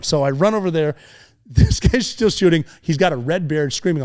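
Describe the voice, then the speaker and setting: A middle-aged man with a slightly raised pitch spins a combat story in casual podcast talk. He swears freely, mimics gunfire and other men's shouts, and drifts between tension and dry humor. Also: normal speed. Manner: animated war storyteller, profane, acts out voices and sounds, laughs often. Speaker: podcast guest, former Navy SEAL.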